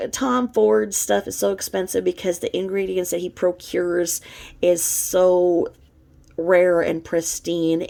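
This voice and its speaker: A woman's voice: fairly low pitch, gravelly, a little mellow. A woman giving a blunt, sarcastic, profane commentary rant. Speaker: commentary podcaster.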